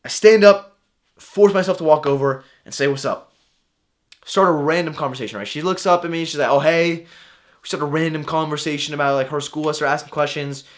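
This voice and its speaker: Young male vlogger with a slightly high voice, casual and animated, voices his own inner monologue. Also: fairly quick. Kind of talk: casual storytelling to camera.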